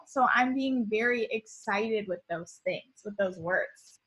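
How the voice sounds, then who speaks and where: Woman, teacher, slow, patient talk to small children, computer mic at home. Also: high-pitched, bright, forceful tone. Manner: slow, cheerful, speaking to young children. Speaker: kindergarten teacher. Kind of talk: online summer school lesson.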